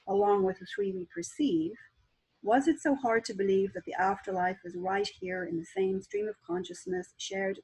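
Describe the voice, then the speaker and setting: A woman author talking as a guest on a video call and reading aloud from her own book in a calm, measured way. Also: medium pitch, gravelly, slightly rough, poor audio.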